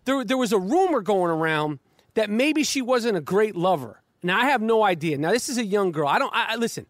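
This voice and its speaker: A man's voice: sits high, big pitch swings, a little fast, no echo, clean studio sound. A man hosting a casual podcast from his backyard, rambling and profane, with lots of stammering restarts. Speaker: podcast host. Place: backyard, outdoors. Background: dog barking.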